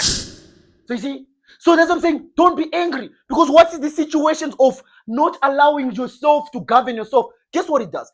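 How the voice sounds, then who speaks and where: High-voiced, emphatic preacher. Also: animated, normal speed, fairly bright tone. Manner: emphatic, repetitive, uses comic role-play. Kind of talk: informal sermon.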